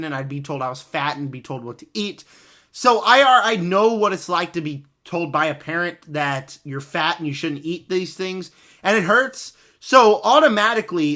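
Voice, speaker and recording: Sarcastic ranting man with a bright voice. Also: high-pitched. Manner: sarcastic, mocking; animated, exasperated. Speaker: film reviewer. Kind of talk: casual spoken rant.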